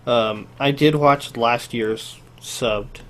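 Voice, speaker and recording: A man's voice: mid-range voice, drawn-out words, a bit bright, a little hiss or hum. Laid-back man in podcast chat. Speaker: podcast co-host. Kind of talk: casual chat.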